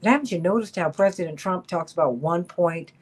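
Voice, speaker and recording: A woman's voice: lowish voice, brisk, a little mellow. Emphatic woman radio talk host. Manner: emphatic, repeats for stress, laughs often.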